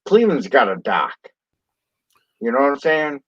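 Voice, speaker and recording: A man's voice: mid-range voice, big pitch swings, moderate pace, a bit bright, dry recording. A man co-hosting a livestream, drawling and joking in a laid-back way. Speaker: stream co-host. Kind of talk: casual livestream chat. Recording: dull lo-fi stream audio.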